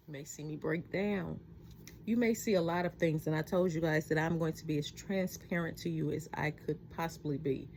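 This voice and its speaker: A middle-aged woman talking heartfelt and reflective in a personal vlog at home at night, halting often with fillers. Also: low voice, a little mellow, a little hiss or hum. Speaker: vlogger.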